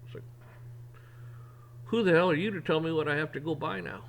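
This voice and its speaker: A man's voice: fairly high pitch, a little fast, gravelly. Blunt man ranting with salty language. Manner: blunt, profane, heated; repeats words and restarts when worked up. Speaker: podcast host. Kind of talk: opinion rant.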